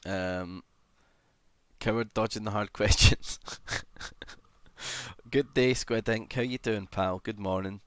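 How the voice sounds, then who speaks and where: Low-voiced man streaming. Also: takes it slowly, long pauses, no echo. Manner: chatty, greets viewers, bursts into excited shouts. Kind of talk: casual live-stream chat, reading comments.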